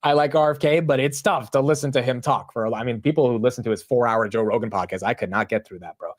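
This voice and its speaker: A man's voice: medium pitch, quick pace. Slangy chatty man hosting a market stream. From United States. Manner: slangy and chatty, says bro and dude, laughs often. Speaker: livestream host. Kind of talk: casual live market commentary.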